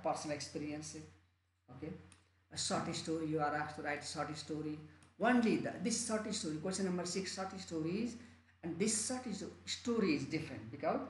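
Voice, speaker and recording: A man with a Nepali accent and a fairly high voice teaches an online English exam-prep lesson. He repeats himself and restarts and rephrases his points often. The room is echoey, with faint ambience and slight background noise.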